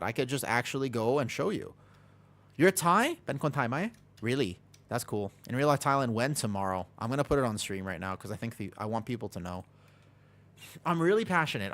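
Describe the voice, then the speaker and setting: A man's voice: medium pitch, fairly bright tone. Rambling casual male streamer. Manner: rambling, self-deprecating, reads chat aloud. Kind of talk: casual chat with live chat. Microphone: desk microphone.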